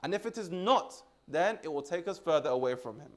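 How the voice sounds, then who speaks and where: Man giving a sermon, higher-pitched voice. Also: lively intonation, fairly quick. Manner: rhetorical questions, frequent "correct?" check-ins; Arabic religious terms woven into English. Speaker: speaker at a religious gathering.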